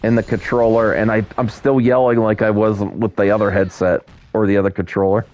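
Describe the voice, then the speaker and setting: A man's voice: on the low side, flat delivery, a little fast, a little mellow. Rambling man streaming with a headset. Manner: rambling, restarts, talks to chat viewers. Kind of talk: casual live-stream chat while gaming.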